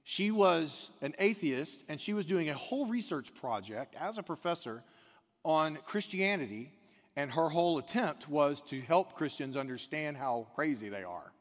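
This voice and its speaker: A man with a fairly high voice preaches a sermon, his words trailing off in the long reverb of a large hall. He drops to quiet asides, then climbs to near-shouted emphasis. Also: expressive, normal speed. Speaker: pastor.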